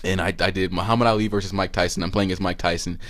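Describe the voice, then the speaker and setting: A man in his twenties telling a long story on a podcast, animated and swearing, laughing as he goes. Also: deep voice, fast. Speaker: podcast co-host. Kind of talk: casual storytelling.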